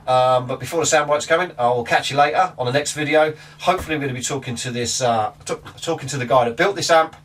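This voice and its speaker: A man's voice: medium pitch, fast, hardly any pauses, fairly bright tone. Male vlogger, chatty and rambling, mid-range voice, recorded at a distance from the mic. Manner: rambling, chatty, self-interrupting. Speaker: guitar gear vlogger. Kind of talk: casual chat to camera.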